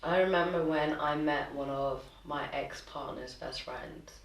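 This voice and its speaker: A young woman in casual chat, telling her own stories with lively laughs. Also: sits low, unhurried, vocal fry. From Sri Lanka. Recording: roomy, distant mic.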